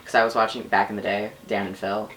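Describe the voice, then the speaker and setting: Male co-host, casual chat, deadpan joker. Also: on the low side, fast talker, a little hiss or hum, low-quality recording.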